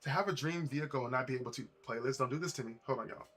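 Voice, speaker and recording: A young man chatting casually with his live-stream viewers while he builds a model, talking to chat in an animated way. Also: medium pitch, rapid-fire. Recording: faint music playlist behind.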